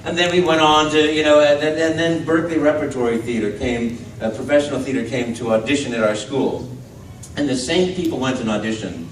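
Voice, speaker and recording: A man's voice: mid-range voice, a little fast. A man telling stories to a convention audience, acting out voices, recorded from the crowd on a phone. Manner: animated, acts out voices in his stories. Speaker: convention panel guest. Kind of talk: storytelling to a live audience. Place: convention panel room. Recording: distant echoey phone recording with faint noise.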